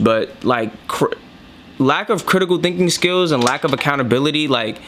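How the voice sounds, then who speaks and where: A man's voice: medium pitch, fairly bright tone, a little hiss or hum. A man from New York City with a New York accent, giving casual opinion commentary in a slangy, emphatic, preachy way. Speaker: commentator reacting to clips.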